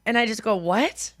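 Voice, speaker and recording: A woman in her thirties hosting a podcast, telling stories in casual chat and laughing often. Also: on the high side. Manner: animated storytelling, laughs often. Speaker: podcast host.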